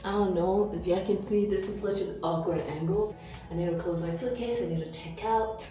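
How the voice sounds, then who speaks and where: A woman's voice: fairly low pitch, fairly quick, loud music behind the voice. A young woman talking casually to her camera about her trip, emotional, grateful and a bit rambling, recorded on the camera's own mic on a balcony outdoors. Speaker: travel vlogger. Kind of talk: casual vlog talk to camera. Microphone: built-in camera mic, no microphone. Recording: loud background noise from an outdoor balcony.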